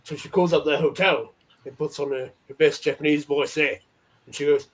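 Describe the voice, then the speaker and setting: A man chatting as a guest on a live stream, halting and full of fillers and repeated words. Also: fairly high pitch, steady tone, husky. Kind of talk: casual chat.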